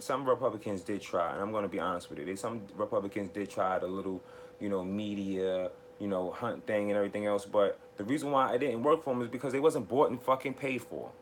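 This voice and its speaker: A man's voice: lowish voice, slight background noise. Heated, profane man ranting live. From United States. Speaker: host. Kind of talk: live political rant.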